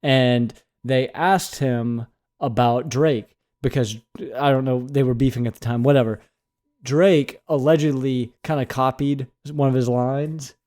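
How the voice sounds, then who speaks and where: A young man co-hosting a podcast in casual chat, deadpan and mock-serious as he tells a story. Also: mid-range voice, measured pace. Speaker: podcast co-host. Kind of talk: casual chat between friends.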